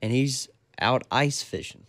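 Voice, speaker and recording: A young man with a Virginia drawl, relaxed and chuckling as he tells stories. His voice sits at an ordinary pitch and is recorded dry and close. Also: measured pace, no echo. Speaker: guest race driver. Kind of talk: casual podcast chat.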